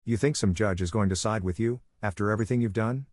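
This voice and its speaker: Casting: a man voicing a scornful, dismissive husband, low husky voice. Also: quick pace, darkish tone, no room sound, clean studio sound, close to an everyday voice. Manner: sarcastic, dismissive. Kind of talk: scripted story reading.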